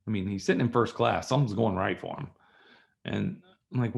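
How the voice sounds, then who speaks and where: A man teaching a live online workshop, talking to students in a lively storytelling way and acting out conversations. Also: lowish voice, fairly quick, vocal fry, dull audio. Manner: animated storytelling, acts out dialogue. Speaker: trainer. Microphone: video call.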